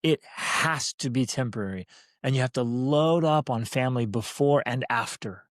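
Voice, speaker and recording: A man's voice: mid-range voice, normal speed, dry recording, studio quality. A man hosting a podcast, talking in an encouraging, emphatic way. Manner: encouraging, emphatic, calls listener "brother". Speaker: podcast host. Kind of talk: casual conversation.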